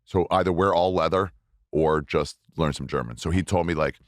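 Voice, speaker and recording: A man who is a comedian, a guest on a podcast, telling a rambling, halting story in casual chat. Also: a bass voice, no echo, studio quality.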